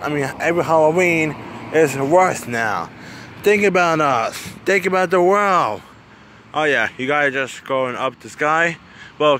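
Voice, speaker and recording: Man playing a rambling, cursing Donald Duck. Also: medium pitch. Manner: rambling, swearing, easily startled. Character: Donald Duck, panicky hot-tempered cartoon duck. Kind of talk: amateur fan film. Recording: outdoor traffic noise.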